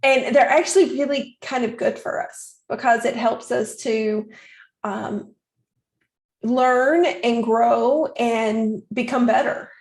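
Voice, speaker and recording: Woman host, slightly high voice, affirming and reflective, roomy sound. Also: fairly even intonation, takes it slowly. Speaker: podcast host. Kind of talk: casual interview. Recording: echoey room.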